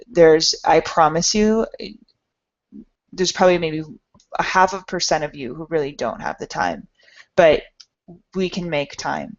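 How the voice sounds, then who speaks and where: A woman's voice: sits low, a little slow. A woman hosting a podcast, giving an earnest, encouraging motivational talk straight to her listeners. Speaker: podcast host. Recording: dull lo-fi sound.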